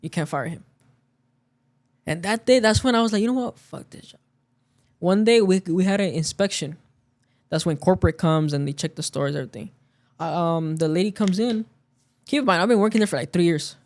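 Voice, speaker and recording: A man's voice: sits high, a little fast, darkish tone. A man in casual podcast chat, telling a story about work and acting out the quoted lines of the people in it. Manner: storytelling, acts out quoted dialogue. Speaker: podcast guest.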